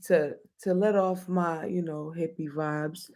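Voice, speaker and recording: A man's voice: a little high, fairly even intonation, slow, a little mellow, slight background noise. A man hosting a casual chat show, talking in a loose, joking, slangy way. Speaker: host.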